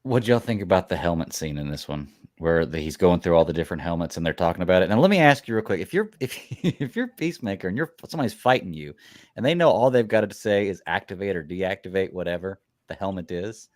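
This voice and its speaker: A man's voice: sits low, lively intonation, quick pace, darkish tone, no echo, studio quality. A man co-hosting a podcast in casual chat, rambling and restarting his sentences. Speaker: podcast co-host.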